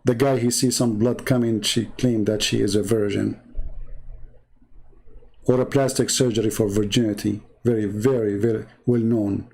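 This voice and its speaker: Gravelly man, mocking and emphatic. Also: fairly low pitch, steady tone, moderate pace, darkish tone, a little hiss or hum. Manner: mocking, rhetorical questions; emphatic, repeats for effect. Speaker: religious debate host. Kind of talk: polemical monologue.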